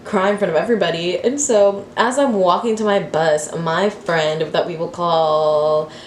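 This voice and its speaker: Animated young woman telling a dramatic story. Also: fairly low pitch, measured pace. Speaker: vlogger. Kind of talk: storytime vlog. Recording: roomy echo with faint hiss.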